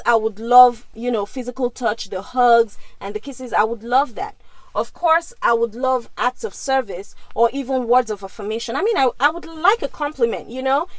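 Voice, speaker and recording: A woman's voice: on the high side, no echo, low-quality recording. Chatty woman vlogger, dry close sound. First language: Igbo. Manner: chatty, often asks okay?. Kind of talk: casual talk to camera.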